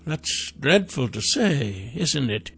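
A man voicing a tall, mysterious woman in black robes who is over a hundred years old, warm and soothing. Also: medium pitch, very animated, takes it slowly, gravelly, breathy edge, faint music behind, pitched above the performer's own voice, heavily acted. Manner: gentle, coaxing.

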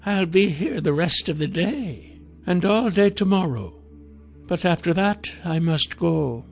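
A man voicing a tall, mysterious woman in black robes who is over a hundred years old, warm and soothing. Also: high-pitched, expressive, a little slow, creaky, faint music behind, pitched above the performer's own voice, full character voice. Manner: gentle, coaxing.

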